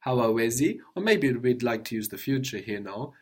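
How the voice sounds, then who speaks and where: A man teaching a language lesson, patiently prompting his student with questions and gently correcting answers. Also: medium pitch, lively intonation, moderate pace, breathy edge.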